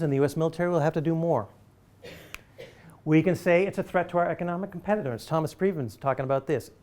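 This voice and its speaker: A man's voice: fairly high pitch, a little mellow. A man giving a public lecture to an audience, talking in an emphatic, conversational and persuasive way. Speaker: university lecturer.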